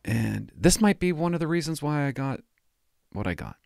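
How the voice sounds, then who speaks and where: A man's voice: on the high side, big pitch swings, normal speed, gravelly, darkish tone, no room sound, studio quality. A man rambling through a casual story, often interrupting himself and laughing at his own tale. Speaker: former police cadet telling stories.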